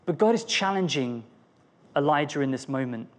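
A man's voice: fairly high pitch, expressive, moderate pace. A young man giving an earnest, personal devotional talk, often restarting his phrases. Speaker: preacher.

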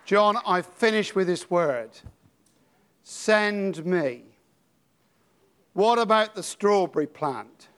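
An older British man delivers a sermon in a high, unhurried voice. He drops low and quiet, then builds to dramatic, ringing shouts. His delivery is passionate and theatrical. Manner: dramatic, swings from hushed to shouting. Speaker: preacher.

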